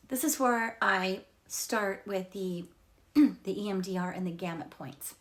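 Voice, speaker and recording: A woman's voice: mid-range voice, takes it slowly. Woman guiding tapping, often sinking to whispers. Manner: casual, candid, swears freely, drops into soft whispered affirmations. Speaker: EFT tapping instructor. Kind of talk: guided tapping instruction.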